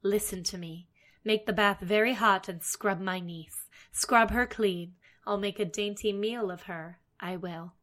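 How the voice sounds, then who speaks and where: A woman's voice: mid-range voice, steady tone, measured pace, fairly bright tone, natural voice. A woman voicing a wicked old witch in a storybook reading, sly and sweetly menacing. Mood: whispered plotting.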